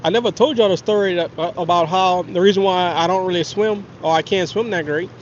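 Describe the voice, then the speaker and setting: A man tells stories on a live fishing stream from his kayak. His voice sits a little high, and he laughs often as he rambles and answers chat. The audio is dull and lo-fi, with faint outdoor noise underneath. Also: fairly quick. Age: 30s. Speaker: fishing livestream host. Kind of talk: casual storytelling livestream.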